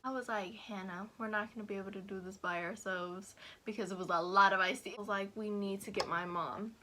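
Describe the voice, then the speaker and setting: A young woman vlogger telling a story to the camera in a lively, animated way. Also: medium pitch, brisk, noisy background. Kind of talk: casual storytelling chat.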